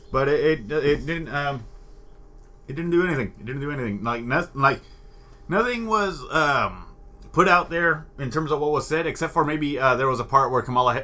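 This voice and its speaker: Man, podcast co-host, casual crude chat, bright voice, rambling, deadpan. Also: mid-range voice. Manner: rambling, profane, deadpan jokes. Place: California.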